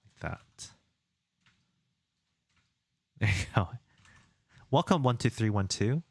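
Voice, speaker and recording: A man's voice: lowish voice, expressive, slow pace, creaky, breathy edge, no echo. A man streaming his indie game development, chatting casually, muttering to himself and reading viewer chat aloud while he works.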